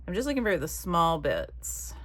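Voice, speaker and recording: A woman chatting casually while she crafts, rambling from one thought to the next and dropping soft muttered asides. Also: fairly low pitch, huge pitch swings, normal speed. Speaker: craft vlogger.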